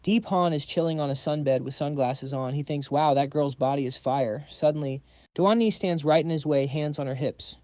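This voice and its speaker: A man's voice: a little high, normal speed, darkish tone, no echo, studio quality. Man narrating a comic recap.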